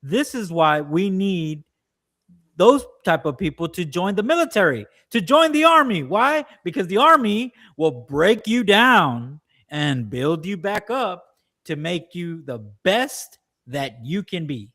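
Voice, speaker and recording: High-voiced man ranting on a podcast. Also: sing-song, a little slow, fairly bright tone. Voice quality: ranting, mimics voices in quotes. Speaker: podcast co-host. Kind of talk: casual political chat.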